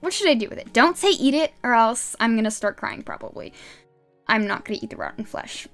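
A woman's voice: a little high, expressive, brisk, fairly bright tone, soft background music. A woman streamer chatting and giggling through casual gameplay commentary, talking to her viewers from a desk microphone at home. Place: home gaming setup.

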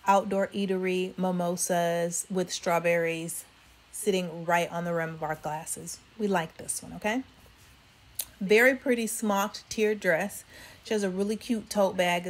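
Lady fashion vlogger, casual and chatty, talks right to her viewers. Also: medium pitch. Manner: chatty, addresses viewers as y'all. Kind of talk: casual styling commentary.

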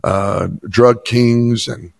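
A man's voice: medium pitch, steady tone, drawn-out words, vocal fry, no echo. A pastor from Chattanooga, a man, telling an emphatic personal testimony in an interview. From Chattanooga, Tennessee. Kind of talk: interview storytelling.

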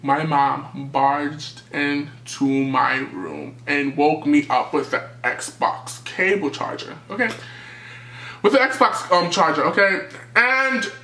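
Animated young New man, echoey room. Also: fairly high pitch, slow pace, vocal fry. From New York City. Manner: animated storytelling, acting out quotes, jumps to yelps. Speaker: vlogger. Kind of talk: storytime vlog.

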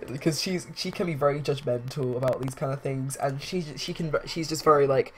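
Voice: medium pitch, brisk, few pauses, a little hiss or hum. A casual let's-play commentator who rambles through gameplay with many fillers and restarts, hiccuping now and then.

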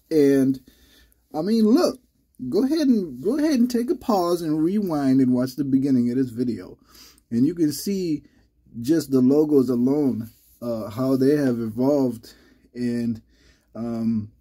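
A man hosting his channel in casual, rambling vlog talk, halting with many restarts, a little under the weather. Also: medium pitch, mellow, husky. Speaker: channel host.

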